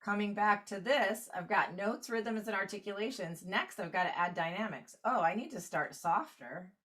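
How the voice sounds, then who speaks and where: A woman's voice: mid-range voice, normal speed, a bit bright. Woman teaching clarinet practice steps. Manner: explanatory, walks through steps while annotating. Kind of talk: online workshop lesson.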